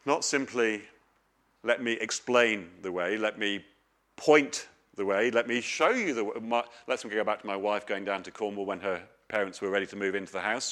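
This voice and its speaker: A man's voice: lowish voice, pushed and bright. A middle-aged man preaching a sermon, earnest and questioning, with homely stories.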